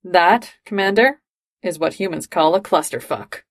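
A woman's voice: lowish voice, measured pace, dry recording. A woman voicing a weary, blunt male starship captain with dry exasperation. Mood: exasperated.

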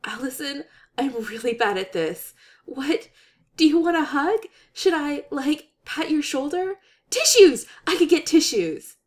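A woman voicing an excitable, babbling young woman who panics and snaps back loudly in a read-aloud story. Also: high voice, voice pushed up. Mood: panicky. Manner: rapid flustered babble, loud outbursts.

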